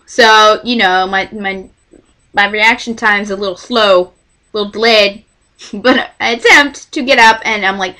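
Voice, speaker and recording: In a casual vlog, a young woman from Texas recounts a story to camera with a medium-pitched voice at a measured pace. She's animated and imitates what others said.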